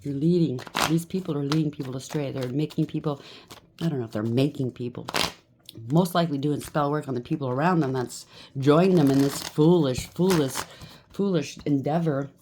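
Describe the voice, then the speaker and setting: A woman's voice: sits low, fairly quick, background noise. A woman reading tarot cards in a blunt, scolding manner. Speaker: tarot reader.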